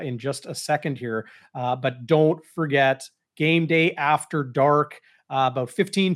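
Rambling sports host, higher voice. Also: male voice. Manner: filler-heavy, meandering. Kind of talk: casual sports talk.

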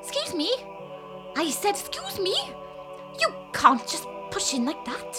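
A woman's voice: very high voice, wildly swooping pitch, measured pace, music in the background, full character voice. A woman voicing an indignant young woman who complains about people pushing in, in a comedy sketch. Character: whiny young woman wronged in a queue.

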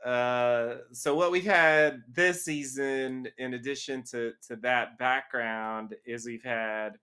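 A man's voice: mid-range voice, steady tone, slow pace, sharp tone, clear, resonant tone. A man co-hosting a podcast in casual chat, with dry, laid-back banter. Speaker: podcast co-host.

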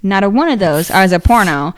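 Chatty woman with a smooth, clear voice. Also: mid-range voice, lively intonation, fairly quick. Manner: chatty, swears casually, reads credits off notes. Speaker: podcast co-host. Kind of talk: casual chat.

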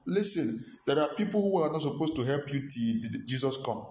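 A man preaching with emphatic, repeated short commands, often slipping into the voices of his listeners. His voice sits at a middle pitch, and the room around him is echoey, with faint ambience behind him. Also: animated, moderate pace, few pauses, a little mellow, slight background noise. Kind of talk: motivational sermon.

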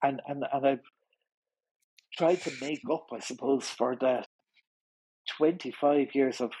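A middle-aged Irish man speaking candidly as an interview guest in a studio, often halting and repeating words as he restarts. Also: mid-range voice, darkish tone, a little hiss or hum, low-quality recording. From Ireland.

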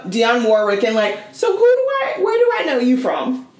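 A woman co-hosting a casual chat podcast, playful and quick to laugh, often acting out what she said or thought in mock voices. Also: on the high side, very animated, darkish tone. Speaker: podcast co-host. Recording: roomy echo.

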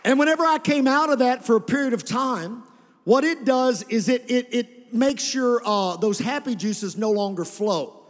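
A man's voice: very high voice, expressive, normal speed, some chatter behind. A man preaching a sermon in a church, speaking conversationally and calling out to the congregation to respond. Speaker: pastor. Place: church sanctuary. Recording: long hall reverb.

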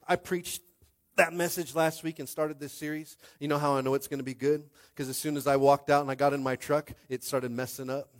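A man preaching a sermon as pastor, animated, swinging from hushed confiding to shouting and acting out little scenes. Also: a little high, fairly quick.

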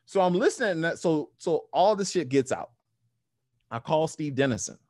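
A man telling a story in a casual, animated way, acting out other voices and using slang and swearing. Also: a little high, normal speed, no room sound, clean studio sound. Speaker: guest powerlifter.

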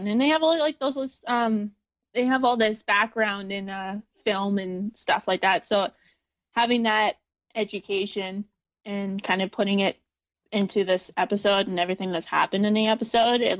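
A woman's voice: mid-range voice, no room sound. A woman guesting on a casual podcast chat, talking in a chatty way full of "um" and "like". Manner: chatty, with many fillers like um and like. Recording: dull, lo-fi sound.

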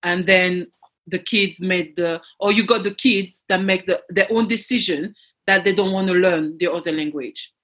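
A woman from France, chatting casually and telling animated, opinionated stories with playful exasperation. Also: lowish voice, moderate pace. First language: French. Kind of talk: casual chat.

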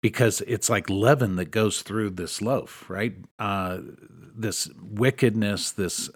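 Laid-back pastor guy, low voice, talking scripture with a couple friends. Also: slow pace, breathy edge. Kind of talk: casual Bible discussion.

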